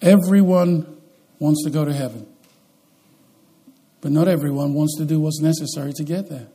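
A man preaching a sermon as pastor, swinging between loud, emphatic lines and quiet, slow ones. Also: on the high side, fairly even intonation, breathy edge.

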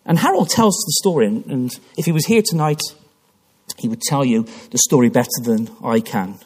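A man's voice: mid-range voice, lively intonation, moderate pace, a little mellow, slightly rough. A man preaching a sermon in church, telling a story with passion and frequent restarts. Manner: impassioned storytelling with repeated restarts.

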